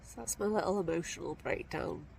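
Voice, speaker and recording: An exhausted woman talking to camera outdoors in a casual vlog, weary and sighing, sometimes hushed. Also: lowish voice, expressive, a little fast, vocal fry, slight background noise, poor audio. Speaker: walking vlogger. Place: outdoors at a camp spot by a trail.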